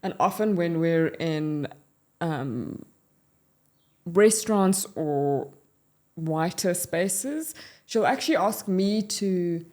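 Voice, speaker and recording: A woman from South Africa with a South African English accent, co-hosting a podcast and talking frankly and in a measured way about her own experience. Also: lowish voice, animated, darkish tone. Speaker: podcast co-host. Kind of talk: candid conversational podcast chat.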